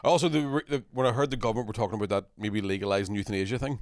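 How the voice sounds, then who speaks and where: A man with a lowish voice delivers dry, crude one-liners in a loose podcast chat. The sound is close and dry, with no room around him. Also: very fast, no echo. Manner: dry, crude deadpan quips. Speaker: podcast co-host. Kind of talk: casual banter.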